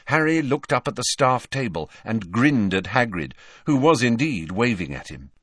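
A man narrating a novel as an audiobook in an expressive storytelling reading. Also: mid-range voice, moderate pace, few pauses, no room sound, clean studio sound. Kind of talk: scripted narration.

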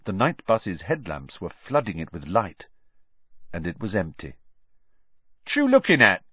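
A man narrating an audiobook in an expressive storytelling manner. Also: deep voice, normal speed, husky, dry recording. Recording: dry, slightly muffled.

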